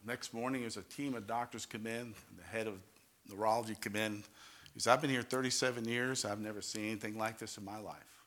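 An older pastor from New York, speaking with a New York accent, preaches a heartfelt testimony sermon. His tone is bright and punchy, and he swells into loud, fervent exclamations and repeated calls for amen from the congregation. His delivery is passionate and conversational at once. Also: lowish voice, slight background noise.

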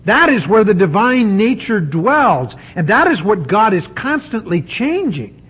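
A man preaching a sermon, emphatic and deliberate, with dramatic pauses. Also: high voice, big pitch swings, fairly bright tone, slightly rough, highs cut off.

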